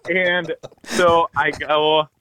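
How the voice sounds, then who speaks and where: Animated man telling a hunting story. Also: a little high, very slow, clear, resonant tone, no echo, rough recording. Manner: animated, loud bursts, frequent "like", acts out texts and quotes. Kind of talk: excited storytelling.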